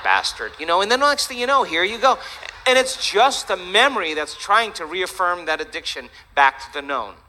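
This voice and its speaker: A man giving a lively, joking talk to an audience, chatty and animated. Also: sits high, a little fast, rough recording. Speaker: speaker.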